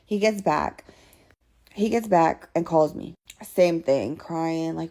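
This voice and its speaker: A woman with a lowish, gravelly voice that dips into vocal fry. She tells her story in a casual get-ready-with-me style, animated and full of slang and swearing. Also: measured pace.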